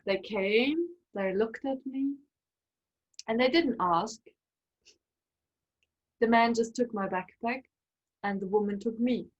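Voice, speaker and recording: A woman telling a personal story in an emotional, animated way. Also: fairly high pitch, slow, pauses often, highs cut off. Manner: emotional, animated, acts out quoted voices. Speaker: spiritual coach and storyteller.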